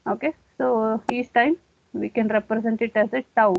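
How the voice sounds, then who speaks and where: A woman teaches a technical class, walking through each point slowly and checking in with a frequent okay. Her voice sits a little high. The sound is dry and narrow, like a phone line. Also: fairly even intonation, gravelly, dry recording. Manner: explains step by step, often saying okay. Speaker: lecturer. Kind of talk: classroom lecture.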